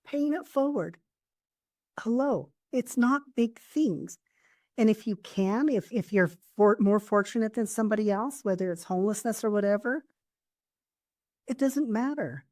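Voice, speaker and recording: On a podcast, a woman who works as a coach and therapist tells heartfelt stories in a casual, earnest, conversational way, sharing warm anecdotes. Her voice is on the high side and a little slow, with no room sound.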